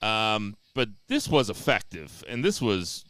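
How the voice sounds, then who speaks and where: A man's voice: lowish voice, sing-song, unhurried, fairly bright tone, no echo. A man co-hosting a casual wrestling podcast, blunt and swearing freely with dry jokes. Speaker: podcast co-host.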